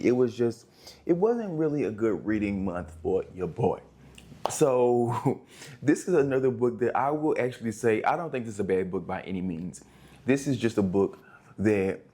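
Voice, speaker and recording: A man's voice: on the low side, warm tone. Chatty young man reviewing books. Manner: chatty, rambling, with frequent restarts and slang. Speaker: book reviewer. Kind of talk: casual book review vlog.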